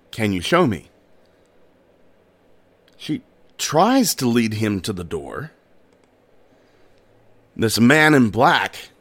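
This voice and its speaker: The host of a strange-stories podcast, a man with a medium-pitched and somewhat bright voice, tells his tale informally, pausing for personal asides.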